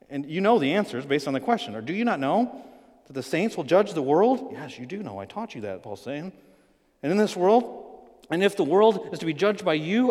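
A man preaching a sermon, telling a story with animated acted-out quotes and swinging between loud emphasis and quiet asides. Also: high-pitched, long reverb tail. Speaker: pastor.

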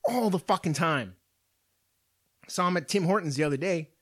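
A man's voice: on the high side, moderate pace. A young man hosting a podcast, ranting in casual, profane storytelling about everyday annoyances. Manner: profane, animated storytelling rant. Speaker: podcast host.

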